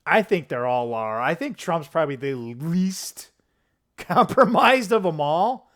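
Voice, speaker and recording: A middle-aged man rambling to camera in a casual political vlog, swearing, laughing often and wandering off on tangents. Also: slow. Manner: profane, laughing, tangent-prone, animated swings in pitch. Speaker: political vlogger. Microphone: camera close up at a desk.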